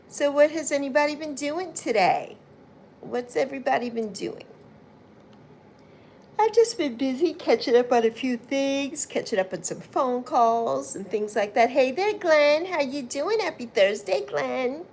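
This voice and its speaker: A livestream host with a high, very animated voice speaks a little slowly, with a slight hiss or hum on the audio. Warm and chatty, she greets viewers by name and calls them "my love" and "honey."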